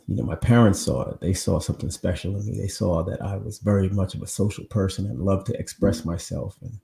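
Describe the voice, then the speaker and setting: A man hosts a live online show from home on a new microphone, casually rambling straight to his viewers. His low, creaky voice has a warm tone, and the room sounds echoey.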